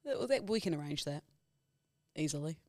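A man's voice: a little high, expressive, fairly quick, dry recording, clean studio sound. A man in his thirties co-hosting a comedy podcast in casual banter, playful and jokingly boastful. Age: 30s. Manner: playful, self-mocking, boastful in jest. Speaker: podcast co-host.

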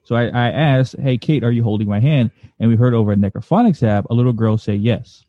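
A man hosting a casual interview, a paranormal investigator himself, speaking in a halting way with restarts and fillers. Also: medium pitch, dry recording. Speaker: podcast host and paranormal investigator. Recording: dull, dry lo-fi sound.

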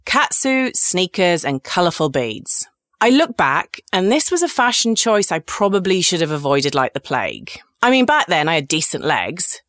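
Woman, 40s, podcast host, lowish voice, dry close sound, frank and self-mocking storyteller. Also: a bit bright, no echo. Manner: candid, cheeky and self-mocking. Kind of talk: comic personal storytelling.

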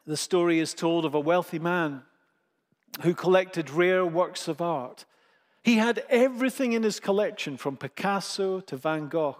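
A man preaching a sermon, slow and emphatic, with dramatic pauses. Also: sits high, big-room sound.

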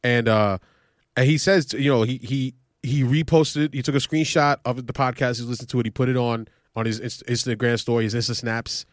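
A man co-hosting a casual sports podcast, an animated storyteller who talks quickly. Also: medium pitch, no room sound, studio quality. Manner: animated storyteller, quick, acts out relatives' voices. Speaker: podcast co-host.

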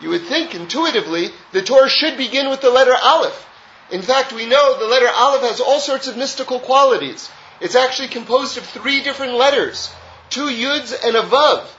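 A man's voice: very high voice, expressive, fairly quick, fairly bright tone, roomy sound, dull audio, a little hiss or hum. A man teaching a Torah class, earnest and repeating phrases to drive key points home.

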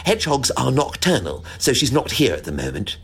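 A man's voice: medium pitch, wildly swooping pitch, a little fast, gravelly, slight background noise, pitched above the performer's own voice. A man voicing a chatty, helpful squirrel in a children's storybook, explaining things.

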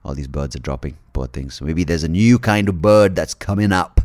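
A man hosting his own podcast speaks in a low, gravelly voice that jumps up and down in pitch. He rambles through outlandish theories with crude jokes and turns mock-solemn like a storyteller. The sound is close and dry, with no room echo. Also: animated, normal speed. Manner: rambling, jokey and profane, spinning wild theories; slips into mock-dramatic storyteller narration. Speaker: podcast host. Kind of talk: solo podcast monologue.

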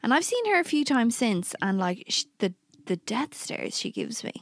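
A young woman co-hosting a podcast, telling stories in lively casual chat and swearing freely. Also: on the high side, normal speed, dry recording, studio quality. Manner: animated storytelling, swears freely. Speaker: podcast co-host.

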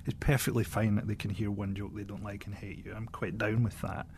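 A man's voice: lowish voice, little pitch movement, fairly quick, slight background noise. Dry, sardonic man talking casually. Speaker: comedian guest. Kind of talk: casual conversation.

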